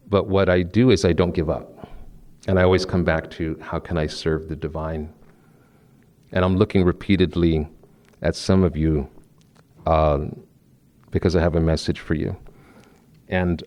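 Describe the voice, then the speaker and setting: A man with a low, deep voice speaks to a live audience from a podium. He is from New Jersey and delivers a spiritual talk as a string of personal stories. His delivery is loose and conversational, and he often restarts his sentences. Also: darkish tone. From New Jersey, USA. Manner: conversational, storytelling, frequent restarts. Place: lecture room with podium.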